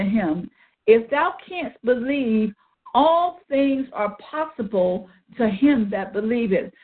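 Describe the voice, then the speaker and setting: A woman leading a Bible study, reading old-style scripture and then explaining it earnestly. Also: medium pitch. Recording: tinny phone line.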